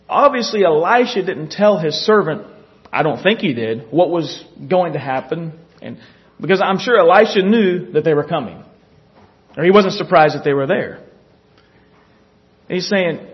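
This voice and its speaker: A man preaching a sermon, animated, acting out scripture scenes with little chuckles. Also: sits high. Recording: dull lo-fi recording.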